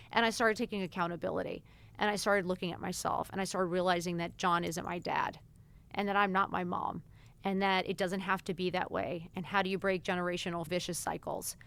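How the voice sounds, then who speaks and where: A woman's voice: lowish voice, vocal fry, clean tone. A woman in her forties hosting a podcast, talking candidly and swearing freely while she acts out conversations. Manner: frank and animated, swears freely, acts out quoted exchanges. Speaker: podcast host answering follower questions. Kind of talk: candid casual chat.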